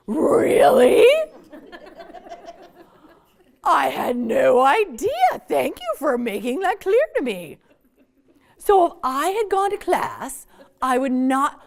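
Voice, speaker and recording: A woman's voice: high voice, sing-song, slow, vocal fry, pitched above the performer's own voice, heavily acted. A woman voicing a sarcastic teenage girl who sounds mock-grateful, with exaggerated, mocking sarcasm.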